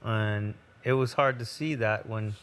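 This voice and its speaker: An American man in a band, answering in a hesitant, halting way during a casual interview. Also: lowish voice, fairly bright tone, clear, resonant tone. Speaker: band member.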